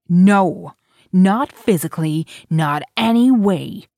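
An agitated, haunted man who speaks low and choked with barely held fury, voiced by a woman reading the story. He presses every word slowly. The sound is dry and close, with no room around it. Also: expressive, mellow, no room sound. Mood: angry. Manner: low, choked, furious speech.

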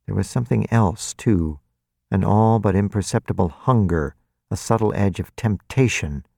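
A man narrating a novel in the first person in a wry, even way, close to the mic. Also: lowish voice, normal speed, vocal fry, no echo. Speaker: audiobook narrator.

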